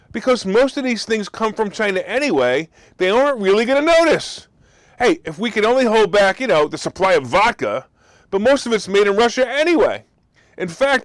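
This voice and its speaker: A man's voice: high-pitched, no room sound. A man hosting a market talk show, delivering a sarcastic, mocking commentary monologue. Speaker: host.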